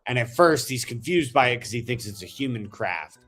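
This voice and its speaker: Man, casual hobby host, mid-pitch, rambling and enthusiastic. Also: animated, brisk, a bit bright, husky, faint music behind. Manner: chatty, rambling, enthusiastic storyteller. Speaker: miniature painting host. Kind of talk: casual chat while painting.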